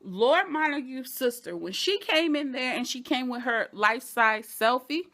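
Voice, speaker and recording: A woman recapping a TV episode in a casual vlog, animated and chatty, talking straight to her fellow fans. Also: high voice, moderate pace. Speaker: TV show reviewer.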